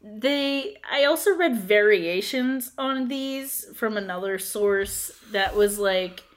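A woman's voice: medium pitch, expressive, takes it slowly. A woman from the northern United States hosting a casual podcast, chatty and giggly as she retells legends. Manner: chatty, giggly, trails off with fillers. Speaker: podcast host.

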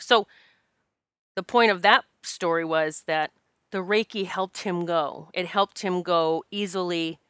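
A woman's voice: lowish voice, smooth, dry recording, studio quality. A woman who practises Reiki, telling a personal story in a candid, emotional, casual way and acting out what people said. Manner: emotional, candid, animated quoting of herself.

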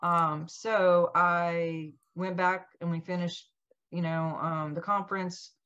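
A woman guest in an interview telling a personal story in a lively way, acting out what each person said. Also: fairly low pitch, takes it slowly, clean tone. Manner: animated, acts out quoted dialogue. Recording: dull lo-fi sound.

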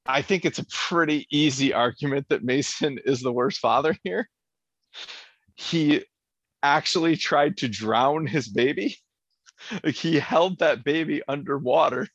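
Podcast co-host, man, lively recap talk, dry and slightly muffled sound. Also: mid-range voice, dry recording. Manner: animated, laughs often, acts out quotes. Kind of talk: casual chat recapping a TV episode.

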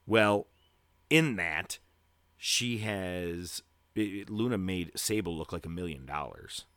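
A man's voice: low voice, slow, clean tone, no room sound. A man hosting a podcast, chatting casually and rambling through a story with lots of fillers. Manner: grows loud and hyped toward a segment tease. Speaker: podcast host. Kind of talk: casual chat.

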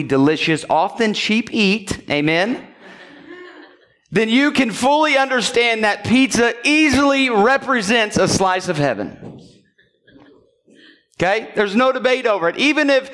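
A man's voice: sits high, a bit bright. A man preaching a sermon in a church, telling a personal story in a loose, conversational way, often checking in with the congregation and chuckling as he goes. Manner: chuckles while telling stories. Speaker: pastor. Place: church sanctuary.

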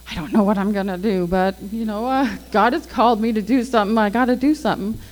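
Woman, mid-pitched, chatty testimony telling, acts out quoted dialogue. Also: a little mellow, poor audio. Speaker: guest telling faith stories. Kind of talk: casual testimony storytelling.

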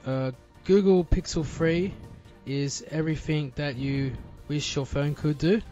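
A man's voice: on the high side, steady tone, dark tone. A man co-hosting a casual podcast, chiming in eagerly and hyping things up. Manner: enthusiastic, quick interjections. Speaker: podcast co-host. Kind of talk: casual chat over a call. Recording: dull lo-fi call audio with faint music.

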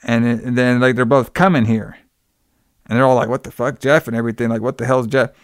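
A man's voice: mid-range voice, fairly even intonation, a little fast, no room sound, studio quality. A young man casually recapping a film's plot, rambling with lots of "like" and "you know.". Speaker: podcast co-host recapping a film. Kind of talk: casual chat.

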